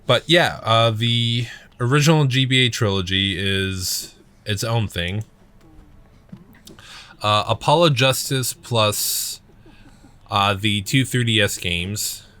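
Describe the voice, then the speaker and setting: A man's voice: on the low side, slow pace, fairly bright tone, clean tone. A man co-hosting a let's play, chatting casually about games with lots of fillers, restarts and swearing. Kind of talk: casual chat while gaming.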